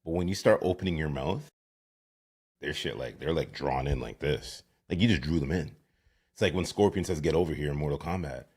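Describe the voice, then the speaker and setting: A man hosting a casual podcast interview over a video call, talking expressively and swooping high when he tells a story. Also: normal speed, darkish tone, breathy edge. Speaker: podcast host.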